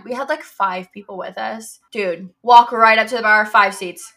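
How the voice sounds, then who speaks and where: A young woman co-hosts a casual podcast with a bright, clear tone. She talks in a loose, rambling way, full of "like" and "you know". She sounds relaxed and conversational. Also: fairly high pitch, normal speed, few pauses. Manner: chatty, many fillers like "like" and "you know". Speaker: podcast co-host. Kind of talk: casual chat.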